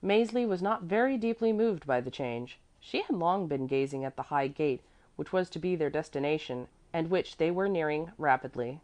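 A woman reading a storybook aloud in an expressive, measured narration. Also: low-pitched. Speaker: audiobook reader.

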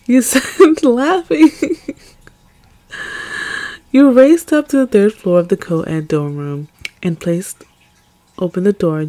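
A woman reading a second-person fan romance story aloud in an expressive, lively way. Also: fairly low pitch. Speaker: fan fiction reader. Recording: music playing behind the voice.

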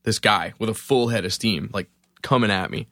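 Musician guest, male, from Philadelphia; low voice, dry close mic; lively and salty storyteller. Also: normal speed, no echo. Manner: animated, profane, self-mocking storytelling. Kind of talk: storytelling in a podcast interview.

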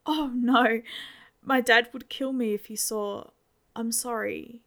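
A woman reading the lines of a sad, quiet teenage girl in a story, in a soft, hesitant voice. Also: fairly high pitch, steady tone, takes it slowly.

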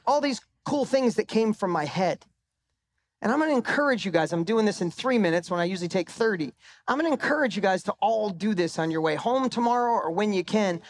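On stage with a microphone, a middle-aged man with a high-pitched voice gives a live motivational talk. He shares a personal story, swearing emphatically and raising his voice for punchlines.

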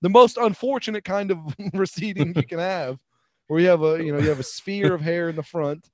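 Young male podcast co-host, crude mocking storyteller, fairly high voice, dry close mic. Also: a little fast, no room sound. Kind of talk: casual chat.

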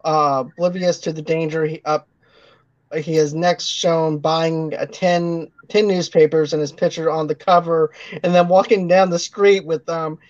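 A podcast co-host recapping a film's plot in casual chat, often pausing and restarting. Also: mid-range voice, fairly even intonation, a little mellow, no room sound. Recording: dull lo-fi podcast audio.

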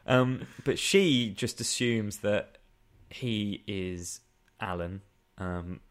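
A man's voice: lowish voice, extremely slow, smooth. A man co-hosting a casual chat, wry and exasperated, often laughing as he talks. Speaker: podcast co-host. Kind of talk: casual chat reviewing a film.

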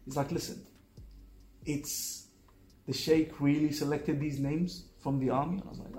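A young man, a native Arabic speaker, telling his story in a relaxed, casual conversation and acting out the people he quotes. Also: fairly high pitch, a little slow, long pauses, reverberant. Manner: relaxed, uses "like" and "bro", acts out quotes. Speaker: guest.

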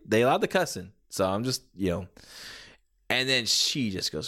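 A man's voice: medium pitch, normal speed, a bit bright. Rambling male podcast host. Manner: rambling, many filler phrases and restarts. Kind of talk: casual commentary review.

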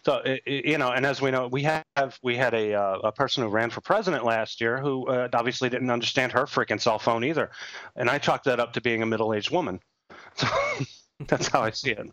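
A man's voice: medium pitch, fairly quick, a bit bright, no echo, low-quality recording. A man co-hosting a podcast in casual chat, rambling and self-mocking with frequent chuckles. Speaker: podcast co-host.

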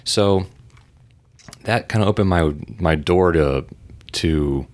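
A man's voice: deep voice, slow pace, no echo. A man talking casually as a podcast guest, telling a long story in a loose, rambling way full of fillers.

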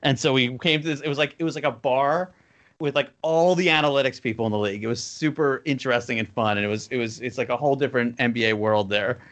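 This podcast guest, a cartoon creator from New Jersey in his thirties, tells loose, filler-heavy stories in a casual, rambling way. He speaks quickly in a mid-range voice with a fairly bright tone.

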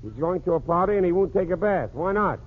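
A man with a high, lively voice talks fast as he hosts a 1940s radio comedy show, cracking jokes through a one-sided phone call. The recording sounds like a tinny old radio broadcast with a faint hiss.

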